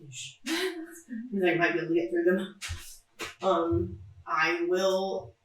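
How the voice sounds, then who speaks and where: A woman player talks through her character's actions, relaxed and thinking aloud. Her voice sits somewhat low for a woman. A strong echo fills the room. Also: slow pace. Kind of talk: casual tabletop play.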